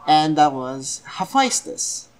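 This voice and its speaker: A man's voice: a little high, sing-song, slow, smooth. A young man casually retelling a fan story, rambling and hesitant with many fillers, often apologizing.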